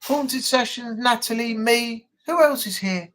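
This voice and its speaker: A woman's voice: fairly high pitch, unhurried, a bit bright. A woman hosting a casual weekly live chat, rambling and chatty with lots of ums. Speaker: live stream host.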